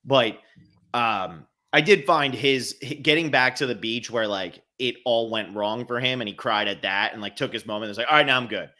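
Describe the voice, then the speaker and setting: A man hosting a podcast in a relaxed, conversational way, agreeing often and asking his guest questions. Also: mid-range voice, moderate pace. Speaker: podcast host. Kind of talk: casual podcast chat.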